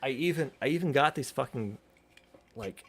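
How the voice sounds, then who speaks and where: A man's voice: mid-range voice, expressive, moderate pace, slight background noise. A man streamer giving casual, profane commentary on a video, rambling with frequent restarts and asides.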